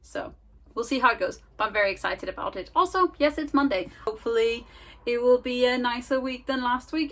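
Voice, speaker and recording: A woman's voice: fairly high pitch, fairly quick, fairly bright tone, poor audio. A young woman in a casual reading vlog, talking chattily and with self-mocking humor from home into a handheld camera. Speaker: book vlogger.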